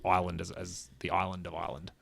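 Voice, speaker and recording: A man co-hosting a music podcast in relaxed banter, laughing often. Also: low-pitched, quick pace, gravelly, no echo, clean studio sound. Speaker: podcast co-host. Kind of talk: casual chat.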